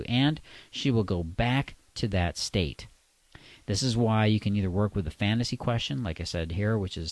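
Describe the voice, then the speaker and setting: A man coaching, speaking slowly and deliberately in a deep, resonant voice with long pauses. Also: a little mellow, no room sound. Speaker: dating coach. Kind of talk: instructional monologue.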